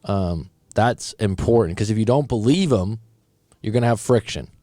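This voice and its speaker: Relaxed breakup coach with a dark voice. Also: male voice, on the low side, normal speed, no echo, studio quality. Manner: casual and direct, thinks aloud, some stumbles. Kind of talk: reading and commenting on a viewer's story.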